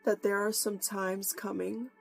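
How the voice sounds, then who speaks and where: A woman preacher praying fervently and giving a prophetic message, slow and pleading. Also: mid-range voice, little pitch movement, vocal fry, soft background music. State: holding back tears.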